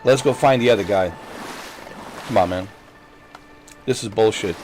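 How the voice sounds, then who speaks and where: A man's voice: on the low side, moderate pace, pauses often, a little mellow, a little hiss or hum. A man streaming a video game, ranting in frustration, repeating himself, swearing and then apologizing to his viewers. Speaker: gaming streamer. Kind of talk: frustrated live gameplay commentary.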